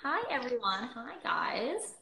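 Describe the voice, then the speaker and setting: A young woman hosts a casual livestream from her phone, bubbly and chatty and full of filler words. Her fairly high voice is sing-song, slow and creaky, and the recording is very noisy with a roomy echo.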